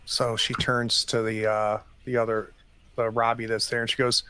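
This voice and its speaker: A man narrating as game master, relaxed and hesitant with many fillers. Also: medium pitch, normal speed, smooth.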